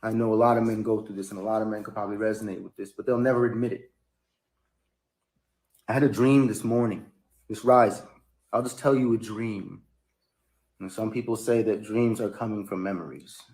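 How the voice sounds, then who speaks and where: A man's voice: steady tone, fairly quick, pauses often, a little mellow. Rambling man telling a story in an echoey room. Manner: rambling, rising to high-pitched outbursts when quoting himself. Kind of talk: casual storytelling monologue.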